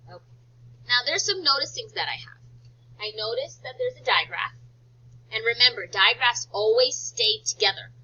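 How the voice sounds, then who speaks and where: Animated, high-voiced woman teaching phonics. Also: breathy edge. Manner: slow, sing-song, exaggerated teacher talk. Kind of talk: phonics lesson for young children. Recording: dull lo-fi recording.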